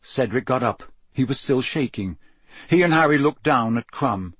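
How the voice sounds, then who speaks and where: A man's voice: medium pitch, lively intonation, normal speed, a bit bright, breathy edge, no room sound. A man reading an audiobook aloud, with tense, dramatic storytelling. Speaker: narrator.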